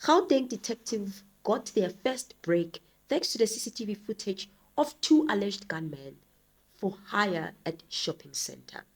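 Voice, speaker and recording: A woman's voice: medium pitch, sing-song, a little slow, breathy edge. A woman commentating on the news, reading from articles in an earnest, emphatic way.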